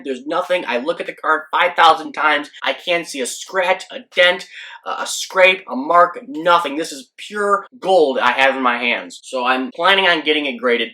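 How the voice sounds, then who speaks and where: A man from Michigan tells a story in a casual, rambling vlog style, acting out his own reactions along the way. His voice sits a bit high and sounds bright and forceful. He talks like a host chatting straight to his viewers. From Michigan, USA. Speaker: sports channel host.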